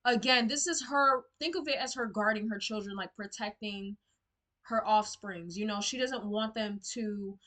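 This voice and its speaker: Brief: young woman tarot reader talking to camera, blunt and talkative, bright tone. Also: medium pitch, moderate pace. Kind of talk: casual tarot reading to camera.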